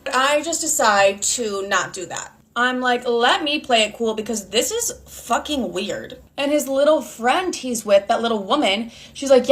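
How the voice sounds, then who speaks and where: A woman in her twenties telling a storytime casually, outspoken and animated, swearing often and acting out what people said. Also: on the high side, moderate pace, few pauses. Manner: outspoken, animated, frequent swearing, acts out quotes.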